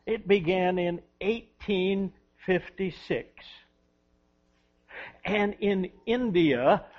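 A man giving a children's sermon, telling a story gently to the children. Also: high-pitched, a little hiss or hum. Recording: dull lo-fi recording.

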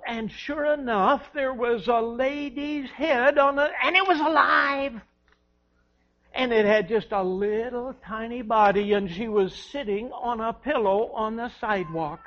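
A man giving a children's sermon, telling a story gently to the children. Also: very high-pitched. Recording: dull lo-fi recording.

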